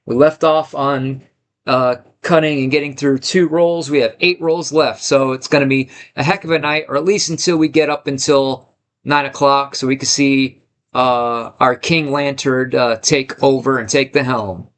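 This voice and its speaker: A man's voice: medium pitch, fairly even intonation, normal speed, fairly bright tone. A man hosting a live stream from his home studio, hyped and greeting chat viewers one by one. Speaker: livestream host.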